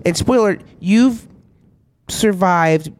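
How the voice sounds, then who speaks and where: A man with a fairly high voice hosting a casual chat, asking blunt, curious questions. His voice is close and dry, with no room sound around it. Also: very slow, darkish tone, no room sound. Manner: blunt, curious questioner who swears freely. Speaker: host.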